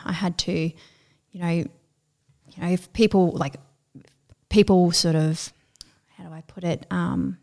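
A woman talks about her navy years in a casual interview. Her voice sits a little low, and she speaks hesitantly, leaning on "you know" and "like" as she searches for words. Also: gravelly. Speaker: guest, navy veteran.

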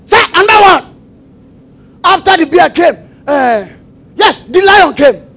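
A man preaching a sermon, repeating phrases and calling for the congregation to answer, shifting between shouts and quiet asides. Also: extremely high pitch, expressive, a little slow, poor audio. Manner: emphatic call-and-response preaching with repetition.

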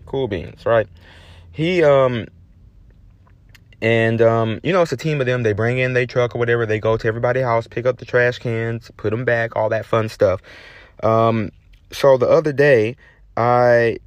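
A young man hosting his podcast, telling a story in a profane, sassy, animated rant. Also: medium pitch, no echo. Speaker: podcast host. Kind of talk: casual ranting monologue.

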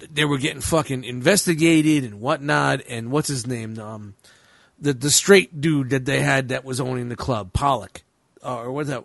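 A man's voice: fairly high pitch, creaky, fairly bright tone, dry recording. A man co-hosting a podcast, talking casually in a rambling, profane way and laughing often. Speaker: podcast co-host. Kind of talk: casual chat.

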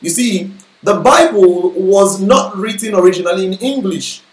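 A man with a notably high voice teaches the Bible like a sermon. He explains patiently and keeps asking whether his listeners are with him. The sound is echoey, as if from a bare room. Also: normal speed. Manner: explanatory, checks in with listeners often.

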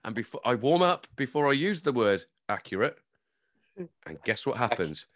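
A podcast co-host chats casually in a jokey, sweary way, his mid-range voice sing-song and fairly bright. He talks at a moderate pace, and the recording is dry, clean studio sound.

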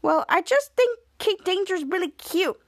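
A woman's voice: very high voice, expressive, measured pace, no echo, clean studio sound, voice pushed up, full character voice. A woman doing a whiny bossy little girl. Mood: snappish. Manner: pleading and snappish.

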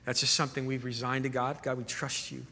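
A man's voice: medium pitch, little pitch movement, a little fast, gravelly, bright, forceful tone. A man preaching a sermon as pastor, earnest, often repeating words as he builds a point. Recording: echoey hall reverb.

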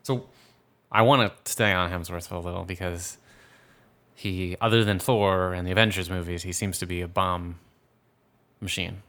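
Deep-voiced guy on a movie podcast, bright tone, animated, does little quote voices. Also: normal speed, long pauses. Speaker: podcast co-host. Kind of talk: casual movie chat.

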